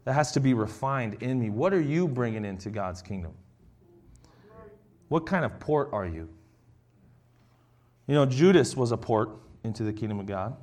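A man's voice: medium pitch, lively intonation, moderate pace, pauses often, darkish tone. Man preaching in a conversational tone. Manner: conversational, acts out quoted lines. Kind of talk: sermon with scripture reading.

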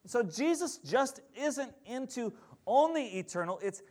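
A man's voice: extremely high pitch, animated, a little slow, a little mellow. A male pastor preaching a sermon in a conversational storytelling manner, asking the congregation questions along the way.

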